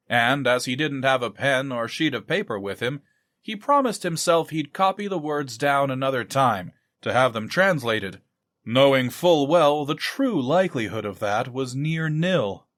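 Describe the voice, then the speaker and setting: Man narrating an audiobook, measured, dry close sound. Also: mid-range voice, a bit bright, dry recording. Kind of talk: scripted narration.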